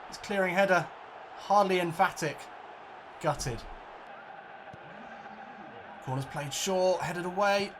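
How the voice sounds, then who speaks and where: A man commentating his own football video game match like a broadcaster, jokey and prone to excited outbursts and swearing. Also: high voice, slow pace, pauses often, slight background noise. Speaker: let's play gamer. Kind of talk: mock football commentary over gameplay.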